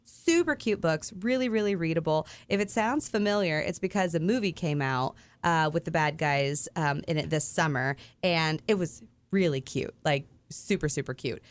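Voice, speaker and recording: A woman's voice: deep voice, moderate pace, few pauses. A woman, co-hosting a radio show in casual chat, laughing often and trailing off mid-thought. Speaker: radio co-host.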